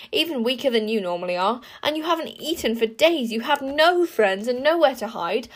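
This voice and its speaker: A woman's voice: fairly high pitch, pitched above the performer's own voice. A woman voicing a contemptuous, imperious warrior queen in a storybook reading, cutting and cold. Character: scornful, imperious middle-aged warrior queen.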